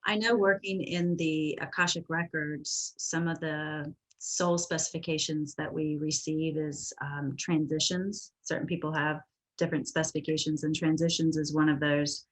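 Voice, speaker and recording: Low-voiced woman podcast host. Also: fairly even intonation, normal speed, rough recording. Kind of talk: casual interview.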